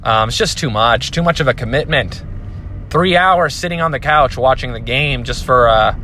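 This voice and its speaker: A man hosting a solo podcast in a loose, rambling way, full of jokes at his own expense. His pitch sits in an ordinary middle range, and he trips over his words and restarts often. A faint hiss of background noise runs under his voice. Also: normal speed, bright, forceful tone. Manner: rambling, joking, self-deprecating, with frequent fillers and restarts. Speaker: podcast host. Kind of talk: casual solo podcast chat.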